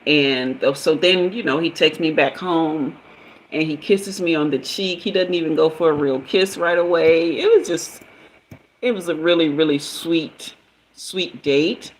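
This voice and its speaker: A woman hosting a live stream, telling a personal story in a casual, chatty way, with many fillers, talking straight to her viewers and jumping up high when she gets excited. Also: a little slow, slight background noise, rough recording. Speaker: livestream host and spiritual reader.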